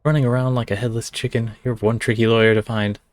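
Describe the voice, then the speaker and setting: A man's voice: medium pitch, little pitch movement, fast talker, faint music behind, natural voice. A man voicing a menacing hidden male villain, reading game dialogue aloud in a taunting manner.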